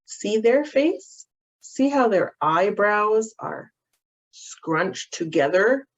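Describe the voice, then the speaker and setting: A woman practitioner gently and patiently walking parents through a calming activity for children, with frequent ums. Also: mid-range voice, very slow. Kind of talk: instructional walkthrough of a calming activity. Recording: dull, muffled audio.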